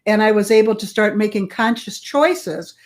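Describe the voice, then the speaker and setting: A woman's voice: medium pitch, moderate pace. A middle-aged woman, a guest on an interview show, telling her life story in a candid, plain-spoken way. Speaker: guest, bully prevention expert. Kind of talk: personal storytelling in conversation.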